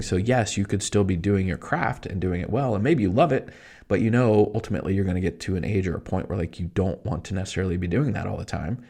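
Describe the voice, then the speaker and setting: A middle-aged man hosting a solo podcast, talking to listeners in an excited, emphatic, fast-paced way. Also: on the low side, vocal fry. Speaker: podcast host. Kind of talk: solo motivational podcast monologue.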